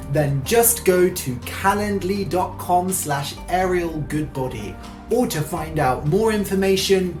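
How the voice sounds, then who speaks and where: A podcast host with an Australian accent, tired and low on energy, reading a story aloud slowly and clearly for English learners, then talking to listeners. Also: darkish tone. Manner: slow, deliberate and carefully clear.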